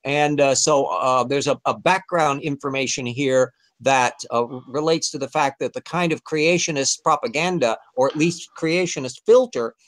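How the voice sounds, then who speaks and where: A man on a casual chat panel, explaining with hesitant pauses and fillers. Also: mid-range voice, fairly bright tone, dry recording.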